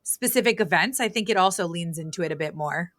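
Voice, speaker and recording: A woman's voice: on the low side, quick pace, fairly bright tone, dry recording, clean studio sound. A woman guest-hosting a podcast in casual chat, rambling playfully through stories and asides.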